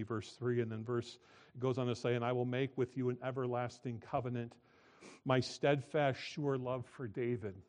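A pastor delivers a sermon in a middle-pitched male voice. He drives key phrases home with sudden bursts of volume, then drops low and slows down to let a point sink in. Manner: emphatic preaching with wide swings in loudness.

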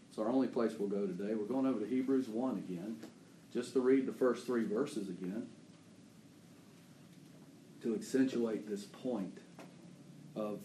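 A man's voice: fairly low pitch, dark tone, slight background noise. Preaching man in an echoey room. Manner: preaches with rising emphatic bursts; folksy plain grammar. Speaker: pastor. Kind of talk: sermon.

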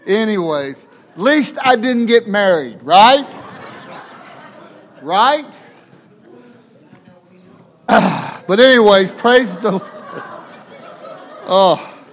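A man's voice: sits high, expressive, extremely slow, pauses often, fairly bright tone, a faint crowd. A pastor from the United States telling a funny story in a sermon. He is folksy and chatty and often tags his lines with questions.

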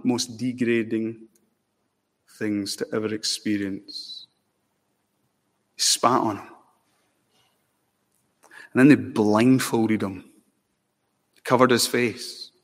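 A man's voice: mid-range voice, fairly bright tone. Impassioned male preacher in a reverberant hall. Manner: dramatic, impassioned preaching with emphatic rises and slow solemn stretches. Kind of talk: sermon. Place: church sanctuary.

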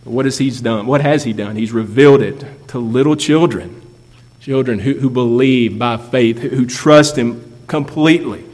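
A man's voice: medium pitch, moderate pace, darkish tone. A man preaching a sermon as a pastor, emphatic, repeating key phrases for effect. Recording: long hall reverb.

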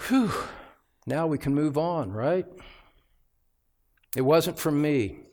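Man preaching in a church, slightly high voice, slow deliberate pace, emphatic, hushed then loud. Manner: emphatic, swings from hushed to loud, repeats phrases. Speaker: pastor. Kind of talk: expository sermon. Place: church sanctuary.

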